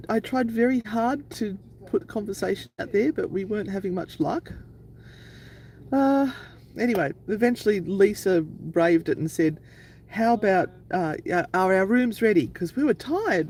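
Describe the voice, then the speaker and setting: A woman's voice: medium pitch, animated, normal speed, darkish tone, a little hiss or hum, low-quality recording. Chatty woman telling a travel story. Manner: chatty, rambling anecdote telling with filler words. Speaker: paranormal channel co-host. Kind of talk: casual live-stream storytelling.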